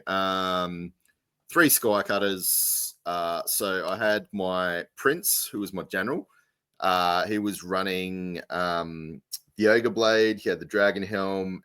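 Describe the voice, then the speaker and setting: A man's voice: low-pitched, slow, a bit bright, smooth, no room sound. A man co-hosting a podcast in casual chat, rambling through details with many fillers and restarts. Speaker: podcast co-host.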